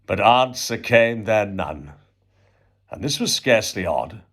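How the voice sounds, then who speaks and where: A man reading a storybook poem aloud, slow and expressive with dramatic pauses. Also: lowish voice. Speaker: reader.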